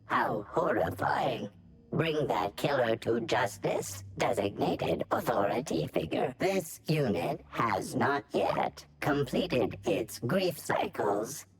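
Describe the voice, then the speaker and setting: Hammy robot actor. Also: male voice, medium pitch, sing-song, slow. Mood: mock grief. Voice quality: stiff, mechanical announcing delivery. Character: theatrical male robot actor, melodramatic.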